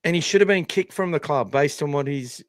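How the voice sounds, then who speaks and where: A man's voice: fairly high pitch, a little fast, no room sound. An Australian man hosting a live podcast, talking in a blunt, sweary, casual way. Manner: blunt, sweary, animated opinions. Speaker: podcast host.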